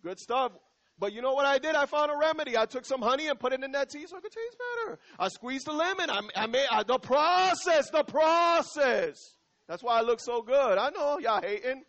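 A middle-aged male pastor preaching to his church in a loose, conversational way, drawing out key lines slowly and repeating them. His voice sits high for a man. The recording sounds muffled and lo-fi. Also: animated, a bit bright. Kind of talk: sermon.

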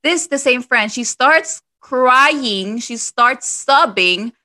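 A young woman telling a personal story as a guest, halting and hesitant with many fillers. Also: sits high, animated, pushed and bright, no echo.

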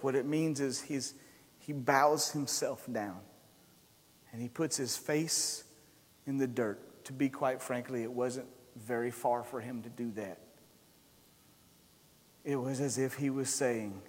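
A man's voice: medium pitch, slow, long pauses, big-room sound. A man preaching a sermon as pastor, impassioned and repetitive, driving his points home in emphatic cadences.

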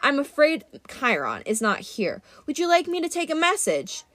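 Storybook role: a woman playing a bored, sarcastic grown male god with a slow drawl. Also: high-pitched, wildly swooping pitch, a bit bright, dry recording, pitched above the performer's own voice, exaggerated voice.

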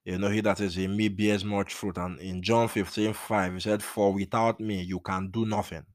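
A man's voice: on the low side, flat delivery, normal speed, no echo, clean studio sound. A man preaching a Bible teaching sermon, earnest and emphatic, repeating his key points.

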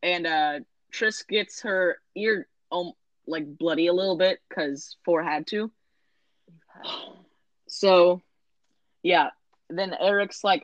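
A woman's voice: on the low side, takes it slowly, pauses often, no room sound, lo-fi sound. A woman in casual chat recapping a movie, rambling, correcting herself and tossing in sarcastic asides.

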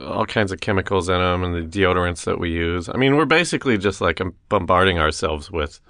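A man's voice: low-pitched, a little fast, fairly bright tone, no echo, clean studio sound. A man hosting a podcast, joking and swearing in casual chat with lots of fillers. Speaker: podcast host.

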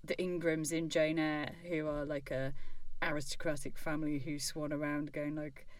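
A woman's voice: low-pitched, flat delivery, normal speed, no echo, far from the mic. A woman co-hosting a podcast, chatting casually about books with lots of fillers and restarts. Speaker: podcast co-host. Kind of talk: casual literary chat.

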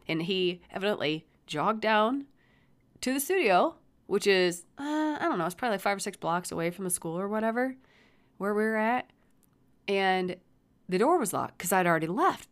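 A woman's voice: mid-range voice, very animated, normal speed. A middle-aged woman hosting a podcast, casually retelling a story about her kid in a blunt, rambling way, swearing freely. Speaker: podcast host and mother.

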